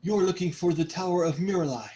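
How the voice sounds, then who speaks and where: A man's voice: high-pitched, fast talker, dark tone, natural voice. A man voicing a strange, thin male Nocturne guide who talks in a casual, familiar way. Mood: friendly.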